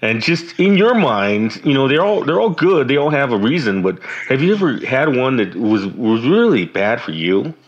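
Lively low-voiced male interviewer, muffled. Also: moderate pace, hardly any pauses. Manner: chatty, reacts often with short remarks. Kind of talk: casual interview.

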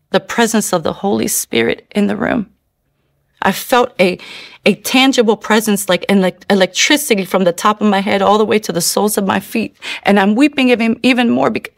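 A woman's voice: mid-range voice, gravelly, dry recording. A middle-aged woman giving an emotional personal testimony in a tearful manner, with many repeated "you know"s. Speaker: testimony speaker.

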